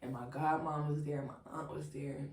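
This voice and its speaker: Speaking from a reverberant space well away from the mic, a young woman vlogger shares a personal story in casual conversation. Her voice is low-pitched and darkish, her tone level and her pace moderate, and she peppers everything with "like" while calling her viewers y'all.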